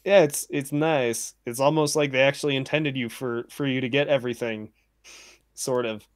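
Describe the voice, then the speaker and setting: A man's voice: medium pitch, steady tone, moderate pace, clear, resonant tone. A man co-hosting a gaming stream, telling stories in a laid-back way, laughing often and swearing casually. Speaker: stream co-host.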